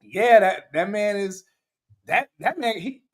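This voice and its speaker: Male podcast host, lively and a bit high-voiced, acts out what people said. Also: slow pace. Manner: animated, laughing, acts out quotes. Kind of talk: casual podcast chat.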